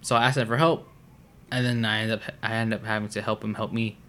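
A man guest on a podcast, talking in rambling, slangy and profane casual chat that often trails off quietly. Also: fairly low pitch, little pitch movement, quick pace, slight background noise.

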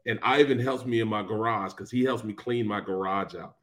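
A man's voice: lowish voice, brisk. A man co-hosting a casual sports talk show, easygoing and full of "man" and "bro". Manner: laid-back, peppers talk with "man" and "bro". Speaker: co-host. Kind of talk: casual sports radio chat.

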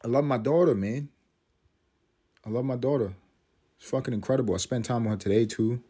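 A man's voice: medium pitch, a little fast, mellow, breathy edge. A man hosting a casual solo podcast, rambling and swearing freely, mocking himself and breaking into laughter. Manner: rambling, profane, self-mocking with bursts of laughter. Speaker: podcast host.

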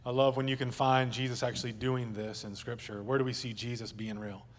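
A man's voice: mid-range voice, little pitch movement, a little fast, in a large hall. A male pastor preaching a sermon at a church service in a conversational, joking way, with asides to the congregation.

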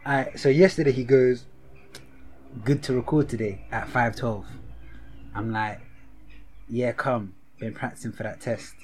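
A man's voice: medium pitch, steady tone, unhurried, long pauses, a little mellow, a little hiss or hum, poor audio. A young man co-hosting a podcast, telling a rambling, self-mocking story in slang. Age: young adult. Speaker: podcast co-host. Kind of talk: casual podcast chat.

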